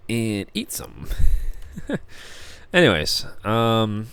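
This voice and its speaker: A man's voice: fairly low pitch, huge pitch swings, slow pace, creaky, long pauses, pushed and bright. A man chatting casually in a vlog, hesitant and rambling with many fillers as he reads web pages aloud. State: hiccuping. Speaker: vlogger.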